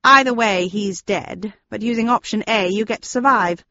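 A woman's voice: mid-range voice, moderate pace, sharp tone, dry recording, lo-fi sound. A woman reading an audiobook, voicing a smug, gleeful villainous man who talks in a sneering, mocking way. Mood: taunting.

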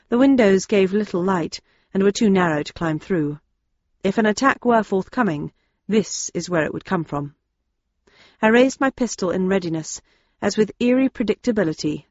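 A woman narrating a first-person audiobook in a steady, understated way. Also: medium pitch, dry recording, dull audio.

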